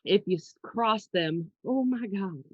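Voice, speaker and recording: A woman's voice: medium pitch, lively intonation, a little slow, no echo, lo-fi sound. A young woman co-hosting a podcast, chatting casually about astrology, laid-back, swearing and laughing freely. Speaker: podcast co-host.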